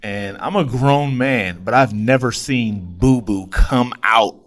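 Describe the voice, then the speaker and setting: A man hosting a casual chat, joking and teasing, quick to laugh. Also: mid-range voice, fairly bright tone. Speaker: podcast host.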